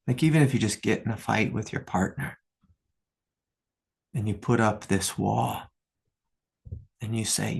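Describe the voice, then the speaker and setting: Middle-aged guy giving a satsang talk, husky raspy low voice, lots of "you know". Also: unhurried, pauses often. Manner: earnest, storytelling, many fillers and laughs. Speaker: spiritual teacher.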